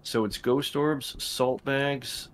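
A man's voice: medium pitch, steady tone, takes it slowly, a bit bright, a little hiss or hum. A man streaming a game, chatting casually, swearing often and talking his partner through the game. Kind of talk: casual gaming chat.

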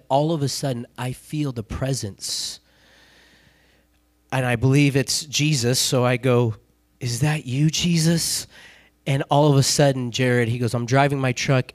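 A guest pastor tells a story during a sermon in a church sanctuary, keeping it chatty and casual. He acts out other people's lines with laughs, and his mid-range voice comes through with no echo.

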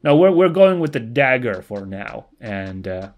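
A man's voice: medium pitch, very animated, unhurried, darkish tone. A young man casually commentating a game as he plays, rambling and correcting himself as he goes. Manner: rambling, self-correcting, chatty. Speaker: let's play host.

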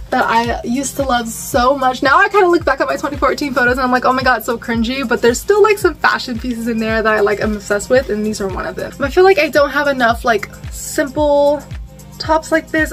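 Young woman, high voice, gushing vlogger energy, soft music under her. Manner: bubbly and gushing, many fillers and squeals. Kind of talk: casual haul vlog.

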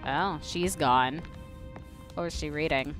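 A woman's voice: deep voice, slow, music in the background. A young woman playing a horror game and joking as she talks to herself and her viewers. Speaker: game streamer. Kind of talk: casual gameplay commentary.

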